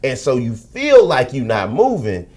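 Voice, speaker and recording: A man's voice: medium pitch, wildly swooping pitch, unhurried, darkish tone. A middle-aged man from the United States speaking as a podcast guest, telling stories frankly and animatedly, with slang and profanity. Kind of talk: candid conversational interview.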